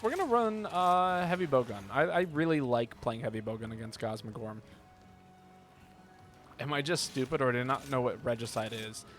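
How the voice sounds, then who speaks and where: A man plays a game live and talks casually with viewers over soft background music, reading chat aloud and joking in a relaxed way. His voice is medium-pitched and his speed normal.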